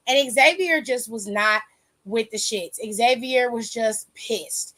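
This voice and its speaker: Woman with high bright voice, chatty recap, acts out what everyone said. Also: measured pace. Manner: animated retelling with quoted dialogue and swearing. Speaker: podcast host. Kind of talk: casual wrestling recap.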